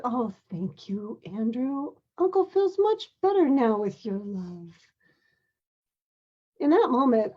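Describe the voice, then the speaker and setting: An older woman tells a personal story from her life as a mother and grandmother in a gentle, earnest, measured way. Her voice sits a little high and has a husky edge. The recording sounds dull and lo-fi. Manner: gentle, earnest, measured, with occasional throat clearing. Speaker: parent sharing a personal story.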